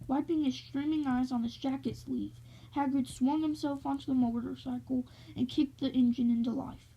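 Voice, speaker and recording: A woman reading a novel aloud in a steady, gentle storytelling way. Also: sits high, normal speed, creaky, breathy edge, poor audio.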